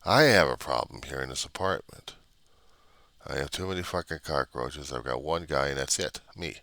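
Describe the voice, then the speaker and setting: A man's voice: very deep voice, moderate pace, vocal fry, sharp tone, dry recording. A man delivering an agitated, repetitive monologue in his apartment, full of rhetorical questions. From United States. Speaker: vlogger. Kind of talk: ranting monologue.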